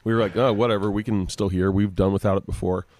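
A man's voice: lowish voice, steady tone, fast talker, a little mellow. A man co-hosting a podcast from home over the internet, just woken up and rambling as he hunts for words in casual chat. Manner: rambling, sleepy, searching for words. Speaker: podcast co-host and guitar effects artist. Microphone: joining over the internet.

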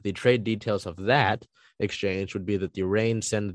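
Man, lowish voice, dry close sound, casual solo recap with lots of filler words. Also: fairly even intonation, moderate pace, no echo. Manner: conversational, frequent ums and uhs, thinking aloud.

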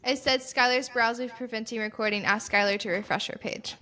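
A woman hosting a podcast over a video call, chatting casually and reacting quickly. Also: fairly high pitch, fairly even intonation, sharp tone, slight background noise. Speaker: podcast host. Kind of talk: casual chat.

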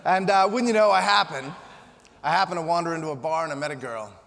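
An American man in his forties giving a humorous, energetic motivational keynote to a live audience, telling punchy, joking stories. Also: fairly high pitch, quick pace, creaky. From Colorado, USA. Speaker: motivational speaker. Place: conference hall before an audience. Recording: long reverb of a conference hall.

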